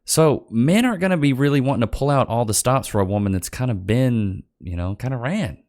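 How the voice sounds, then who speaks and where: A man's voice: mid-range voice, lively intonation, fairly quick, a little mellow. A man hosting a reaction commentary, sarcastic and mocking, calling his viewers "chat" and "bro.". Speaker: host reacting to clips.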